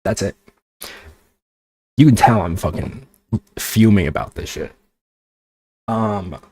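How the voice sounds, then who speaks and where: A man's voice: on the low side, sing-song, a little slow, long pauses, warm tone, no room sound. A man streaming as a VTuber, ranting casually with exasperation, swearing and sarcasm. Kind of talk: casual livestream chat.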